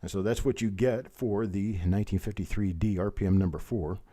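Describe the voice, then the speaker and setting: A man's voice: lowish voice, fairly even intonation, brisk, warm tone. A man hosting a live online coin auction, calling bids over and over and chatting with bidders. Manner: repetitive bid calling, friendly asides to bidders.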